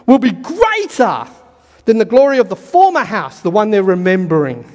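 A man preaching a sermon with fervour, repeating key lines and building to shouts, his voice going hoarse. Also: high voice, big pitch swings, normal speed, in a large hall.

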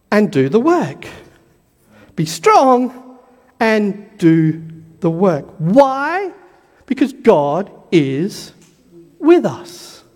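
A man preaches a sermon with fervour, repeating key lines and building to shouts until his voice goes hoarse. His voice sits high, and a long reverb tail follows his words.

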